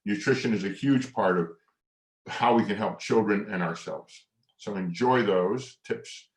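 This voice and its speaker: In an echoey room, a middle-aged man whose voice is on the low side delivers a motivational teaching talk about mindset. His tone is earnest and slow, reflective until he leads hand exercises with lively cues, and mantras come out in a near whisper.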